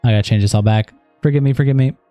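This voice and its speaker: Mellow-voiced man reading on stream. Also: mid-range voice, racing, dry recording, soft background music. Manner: steady reading with rambling casual asides and fillers. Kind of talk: reading chat logs aloud on a live stream.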